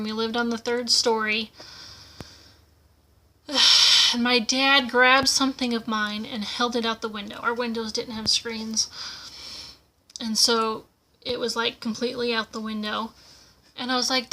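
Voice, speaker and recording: Bright-voiced young woman telling her story. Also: fairly high pitch. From United States. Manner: casual, with frequent filler words and acted-out quotes. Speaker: vlogger. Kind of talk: personal storytelling to camera.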